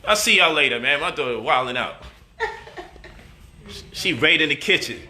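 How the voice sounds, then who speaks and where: A man's voice: fairly high pitch, animated, normal speed, pushed and bright, slight background noise. A man hosting a casual home cooking vlog in his kitchen, playful and teasing as he coos at his baby daughter. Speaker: cooking show host.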